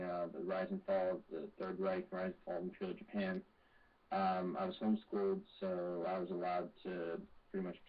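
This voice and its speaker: Young male guest, lowish voice, earnest and intense, distant dull Skype audio. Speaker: guest, activist. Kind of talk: interview over a call. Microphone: Skype call.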